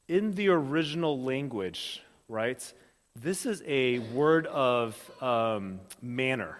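A pastor with a mid-range, fairly bright voice and lively intonation preaches a sermon in a casual, conversational way. He speaks straight to his congregation with frequent quick check-ins, and the recording carries a long hall reverb.

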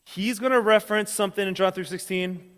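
A man with a slightly high voice delivers a sermon in a big sanctuary, and his words ring out with a long reverb. He preaches casually and keeps checking that his listeners are following. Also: steady tone, fairly bright tone. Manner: casual, talks straight to the congregation with quick check-ins. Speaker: pastor.

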